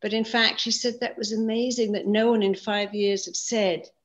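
Woman guest, mid-pitched, chatty storyteller who acts out quotes; dull lo-fi mic. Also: normal speed. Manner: lively, acts out quoted speech. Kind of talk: conversational storytelling. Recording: dull lo-fi sound.

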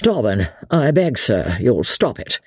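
A woman voicing a timid, cowardly middle-aged man who squeaks when flustered. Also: big pitch swings, measured pace, darkish tone, breathy edge, no room sound, exaggerated voice.

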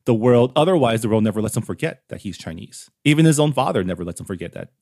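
A man's voice: medium pitch, big pitch swings, fast talker, dark tone, husky, no echo, clean studio sound. A man in casual chat about a book, analysing characters and often checking in with "right?". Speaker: book discussion co-host.

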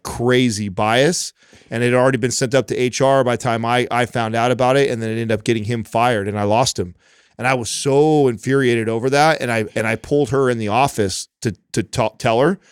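Man, podcast co-host, smooth clear voice, dry close sound, rambling animated storyteller. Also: mid-range voice, brisk, no room sound. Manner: animated, laughing storyteller with fillers. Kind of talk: casual storytelling chat. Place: home studio, remote call.

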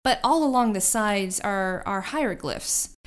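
A woman's voice: medium pitch, animated, measured pace, clear, resonant tone. A woman narrating a tabletop game as game master, descriptive and rambling with restarts.

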